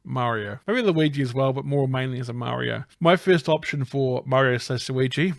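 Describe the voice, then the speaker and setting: A man's voice: mid-range voice, normal speed, creaky, dry recording, studio quality. A young man co-hosting a podcast, chatting eagerly and laughing often. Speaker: podcast co-host. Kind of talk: casual chat.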